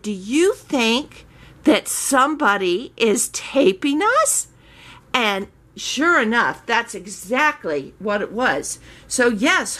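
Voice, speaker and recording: Slow, chatty older woman telling a story. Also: fairly high pitch. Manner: chatty, animated retelling with quoted voices. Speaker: reborn doll maker vlogger. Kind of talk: casual storytelling to viewers.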